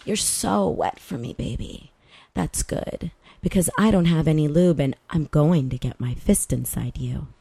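A woman voicing a low, commanding butch lover in a whispered role-play. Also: breathy edge, dry recording. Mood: hushed. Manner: slow, hushed, dominant.

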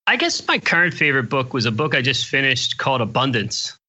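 An older man speaks as a podcast guest, easygoing and plain-spoken. His voice is bright and forward at a middle pitch. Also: big pitch swings, fairly quick. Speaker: guest investor. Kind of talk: casual interview chat.

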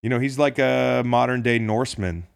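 A man's voice: medium pitch, normal speed, creaky, clean tone, no echo. A man co-hosting a casual sports podcast, talking in a jokey, profane, rambling way with lots of restarts. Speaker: podcast co-host.

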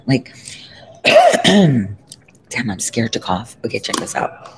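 A man's voice: medium pitch, huge pitch swings, slow, heavy background noise. A man giving a rambling, profane vlog update from an airport lounge, talking into a phone strapped to his arm.

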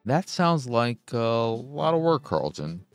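A man's voice: medium pitch, big pitch swings, slow pace, clear, resonant tone, faint music behind. A man putting on an exasperated young inventor woman.

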